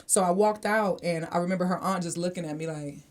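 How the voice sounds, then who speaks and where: A woman's voice: lowish voice, fast talker, a little mellow. A woman co-hosting a podcast, telling a personal story in a blunt, candid, casual way, swearing freely and talking straight to the listeners. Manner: conversational, speaks directly to listeners. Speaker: podcast co-host.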